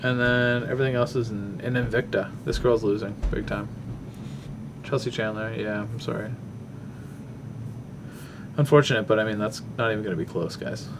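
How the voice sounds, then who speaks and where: A man's voice: on the low side, steady tone, moderate pace, long pauses, background noise. Rambling man breaking down fights. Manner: rambling, thinking aloud with many fillers. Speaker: podcast host.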